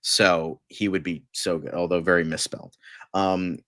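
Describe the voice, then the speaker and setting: A man's voice: low voice, flat delivery, moderate pace, fairly bright tone, no room sound, studio quality. A man in casual chat, gushing and rambling with lots of fillers, tired and delirious late at night.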